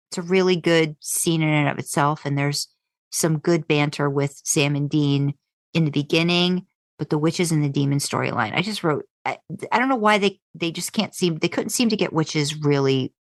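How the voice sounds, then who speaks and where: A woman's voice: normal speed, no echo, studio quality. A woman co-hosting a podcast, talking in a chatty way with lots of fillers and restarts. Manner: jumps into high voices when quoting. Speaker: podcast co-host. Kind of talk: casual chat.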